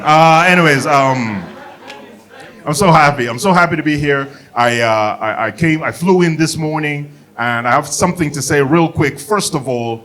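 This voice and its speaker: A man doing stand-up on a club stage, his voice sitting a little higher than most men's. He tells the story with lively energy and keeps building to loud, shouted punchlines. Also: normal speed. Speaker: stand-up comedian. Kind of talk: stand-up comedy set. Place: comedy club stage before a live audience.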